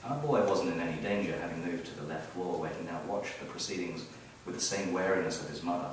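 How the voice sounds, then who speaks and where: A man reading his own story aloud at a live event, wry and expressive, building up the action. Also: sits low, fast, slight background noise. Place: event hall, heard from the audience area. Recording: very echoey hall, mic far off.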